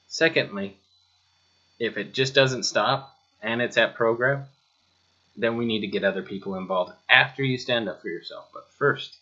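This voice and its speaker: A man's voice: medium pitch, moderate pace, sharp tone, muffled recording. A man teaching a spoken lesson, talking straight to the listener with rhetorical questions and a touch of sarcasm. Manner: mildly sarcastic asides. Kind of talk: spoken lesson over slides.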